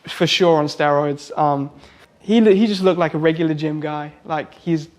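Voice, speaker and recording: A man's voice: fairly high pitch, fairly even intonation, normal speed, darkish tone. A man, a tattoo artist and singer, telling stories in a casual, rambling way full of "like" and restarts. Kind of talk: casual anecdote storytelling.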